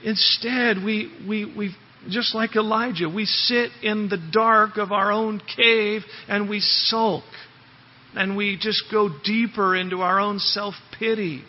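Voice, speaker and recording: A man preaching in a church sanctuary, his husky voice sitting a touch high for a man. He talks through the passage plainly and keeps asking the congregation questions. The sound is dull and lo-fi, with a long hall reverb trailing each phrase. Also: level tone, slow. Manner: conversational, asks the congregation rhetorical questions. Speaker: pastor. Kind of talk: expository sermon.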